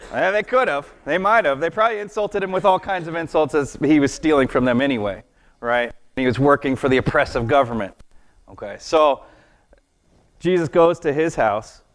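A man giving a casual children's sermon, chatty and playful, often asking the kids questions and laughing at his own jokes. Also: mid-range voice. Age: adult. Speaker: children's church teacher. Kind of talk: children's sermon with object lesson.

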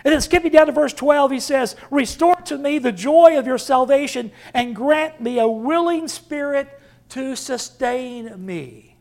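A man preaching a sermon with dramatic swings from loud to hushed. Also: extremely high pitch, unhurried, gravelly. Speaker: pastor.

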